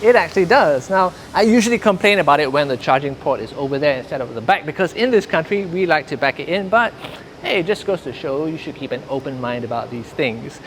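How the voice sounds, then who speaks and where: A man's voice: on the high side, animated, a little fast, slight background noise. A man giving a chatty, jokey car review next to and inside a car.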